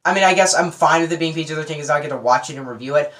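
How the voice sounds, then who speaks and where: Rambling, excitable movie reviewer guy. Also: on the high side, rapid-fire. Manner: rambling and excitable, many fillers and acted-out quotes. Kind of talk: casual spoiler review.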